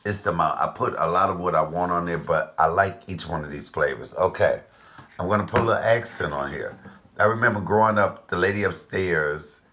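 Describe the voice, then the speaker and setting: Man, 50s, deep voice; chatty home-cook host, loose and rambling. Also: bright, forceful tone. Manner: chatty, rambling asides, addresses viewers directly. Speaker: cooking channel host. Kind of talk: casual cooking vlog chat.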